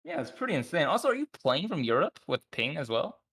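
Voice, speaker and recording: A man's voice: a little high, huge pitch swings, fast, gravelly, fairly bright tone. A man co-hosting an interview who asks his questions in an enthusiastic, casual way and keeps calling things insane. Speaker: co-host interviewer.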